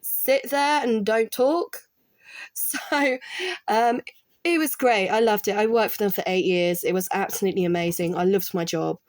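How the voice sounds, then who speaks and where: A woman's voice: medium pitch, normal speed, no room sound. A middle-aged woman chatting casually while she works on art, rambling with restarts and quoting people she worked with. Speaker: artist and former college art support worker.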